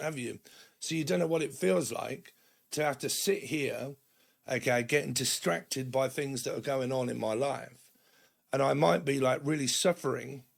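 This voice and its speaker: A man from Britain with a gravelly edge in his speech, reading tarot cards in a loose, rambling monologue. He checks in with listeners through "okay" and "right" and briefly mimics other people's lines in quotes. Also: mid-range voice. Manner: rambling, frequent okay and right tags, puts on quick quoted voices. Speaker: tarot reader.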